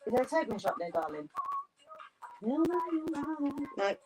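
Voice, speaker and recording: A woman's voice: sits high, sing-song, takes it slowly, background noise. A middle-aged British woman hosting a live craft stream from her home craft room, chatting, teasing and laughing with family off camera as she works. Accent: British English. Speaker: craft channel host.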